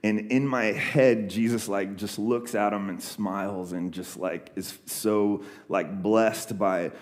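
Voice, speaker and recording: A young adult pastor with a fairly low, evenly pitched voice preaches slowly, retelling a scripture story in a loose, conversational way full of fillers and restarts.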